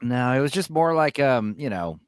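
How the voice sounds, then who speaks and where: Male guest, mid pitch, dry sound, loose and wry, casual delivery. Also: big pitch swings, normal speed, clear, resonant tone, no echo. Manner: laid-back, sarcastic, laughs often. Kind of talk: casual chat.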